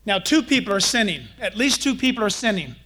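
A man preaching a sermon as pastor, animated, acting out the voices of the people he quotes. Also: high-pitched, fairly quick.

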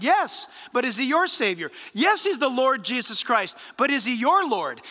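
High, bright-voiced preaching man. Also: big-room sound. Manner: lively, rhetorical questions, addresses the congregation. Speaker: pastor. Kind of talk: sermon. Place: church sanctuary.

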